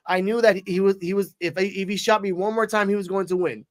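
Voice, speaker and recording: A man's voice: sits high, brisk. A man hosting a casual interview, telling stories with lots of swearing and acted-out voices. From Puerto Rico. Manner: animated storyteller, swears freely, acts out voices. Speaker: host interviewing a streamer.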